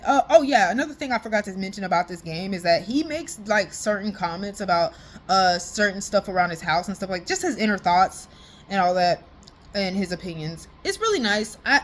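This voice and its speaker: A woman chatting casually as if on a call with a friend, excited and slangy, rambling and laughing often. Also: medium pitch. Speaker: vlogger.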